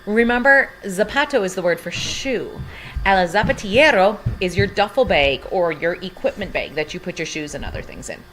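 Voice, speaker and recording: A woman's voice: mid-range voice, animated, normal speed, fairly bright tone, a little hiss or hum. A woman teaching a Spanish lesson from home, patiently explaining each word in English. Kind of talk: recorded language lesson.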